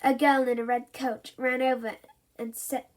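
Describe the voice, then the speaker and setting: A woman reading a children's storybook aloud in a lively way, with small slips and restarts. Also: high voice, normal speed. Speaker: storybook reader.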